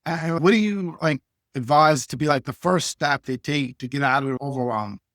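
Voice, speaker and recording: A man's voice: a little high, moderate pace, a bit bright, dry recording, studio quality. A man hosting a podcast interview, asking rambling questions full of fillers and restarts. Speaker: podcast host. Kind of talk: conversational interview.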